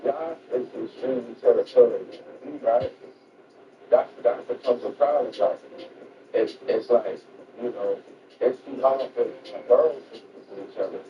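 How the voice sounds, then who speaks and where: A man's voice: mid-range voice, a little slow, music in the background. New man talking loosely. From New York. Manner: loose, rambling talk. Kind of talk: casual chat. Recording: dull, roomy, distant noisy recording.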